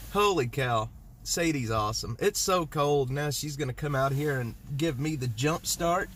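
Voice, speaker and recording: A man's voice: on the high side, lively intonation, takes it slowly, fairly bright tone, slight background noise. Exasperated man livestreaming by his car. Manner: exasperated, joking, talks to viewers as y'all. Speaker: livestream host. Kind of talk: casual live-stream chat. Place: outdoors by his car in cold rain.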